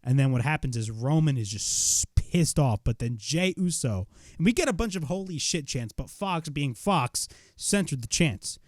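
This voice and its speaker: A man retelling a wrestling show in a casual, excitable recap, swearing freely as he goes. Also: fairly high pitch, normal speed, few pauses, no echo, studio quality.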